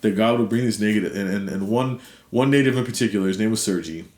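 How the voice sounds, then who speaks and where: A middle-aged man, appearing as an interview guest, earnestly retells a personal story at a quick pace. He shifts between animated moments and low, quiet ones, and the recording has a roomy echo.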